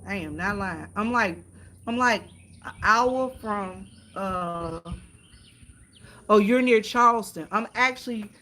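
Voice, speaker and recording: Out in the countryside near horses, a vlogger chats casually with viewers on a phone stream, repeating herself and calling out "y'all" again and again. Her mid-range voice has a sharp tone, and she takes things slowly.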